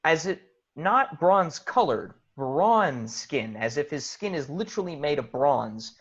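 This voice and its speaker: A man running a tabletop game, narrating a scene with a lively up-and-down voice. He tells it loosely and casually, often pausing to find words. The sound is dull and lo-fi. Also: on the high side, slightly rough. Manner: animated, loose storytelling with fillers. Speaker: game master.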